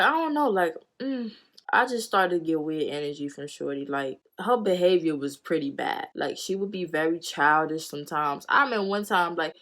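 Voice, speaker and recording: A woman in her twenties telling a storytime vlog in animated, slangy, profane talk, acting out quotes. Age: 20s. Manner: acts out quotes with sudden high jumps. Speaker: vlogger. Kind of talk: storytime chat.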